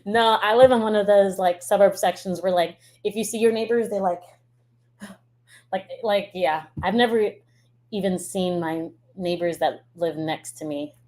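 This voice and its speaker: A woman's voice: mid-range voice, unhurried, darkish tone. Blunt, chatty woman reacting casually. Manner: chatty, blunt and profane, laughing often. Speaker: YouTuber reacting to a show trailer.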